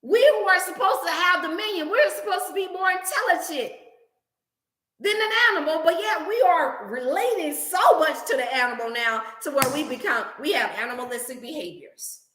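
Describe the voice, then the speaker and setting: A woman hosting a motivational wellness livestream, preaching in an animated, scripture-laced way. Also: sits high, normal speed, reverberant. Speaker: wellness channel host.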